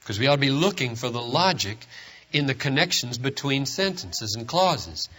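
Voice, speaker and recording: A middle-aged man preaching a sermon, emphatic and lively, leaning hard on key words and stretching them out. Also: mid-range voice, moderate pace, breathy edge. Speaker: pastor.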